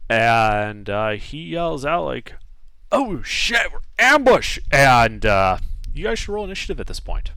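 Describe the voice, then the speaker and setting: A man's voice: mid-range voice, very animated, a little slow, vocal fry, bright, forceful tone, smooth, dry recording. A man narrating as game master for a tabletop game, talking with many fillers and restarts.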